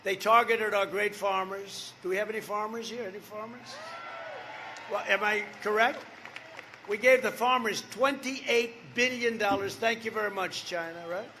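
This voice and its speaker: A man's voice: high-pitched, fairly even intonation, moderate pace, sharp tone, a little hiss or hum. A man in his seventies giving a campaign rally speech, rambling and repetitive, with off-script asides to the crowd. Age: 70s. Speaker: political candidate.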